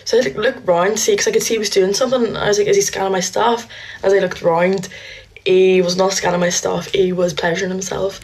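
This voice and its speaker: A woman's voice: medium pitch, little pitch movement, fairly quick, darkish tone. A young woman telling a story casually, full of "um" and "like". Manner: hesitant, filler-heavy, lots of "like" and "um".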